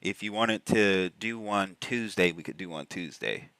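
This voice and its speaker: A man's voice: deep voice, unhurried, a bit bright, no echo. A man hosting his live stream, chatting in an easygoing way with short replies and frequent laughter. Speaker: streamer host. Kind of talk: casual chat. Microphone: voice call.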